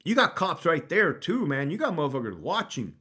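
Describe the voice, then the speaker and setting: A man's voice: a little high, wildly swooping pitch, a little fast, sharp tone, husky. A man hosting a casual livestream, swearing freely and laughing as he talks to his chat. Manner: profane, laughing, reading chat aloud. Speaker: livestream host.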